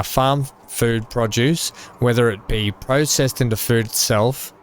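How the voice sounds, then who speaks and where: A man hosting a let's-play, giving casual, rambling commentary as he thinks aloud with plenty of fillers. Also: fairly low pitch.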